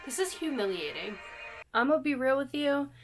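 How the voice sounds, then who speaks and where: Young female vlogger, slightly high voice, casual bubbly chat at home. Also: sing-song, brisk, music in the background. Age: young adult. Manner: bubbly, chatty, self-deprecating. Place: bedroom at home.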